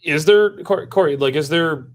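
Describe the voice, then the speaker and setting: A man's voice: fairly high pitch, normal speed. A man hosting a casual political panel, pressing guests with probing questions. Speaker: political talk show host.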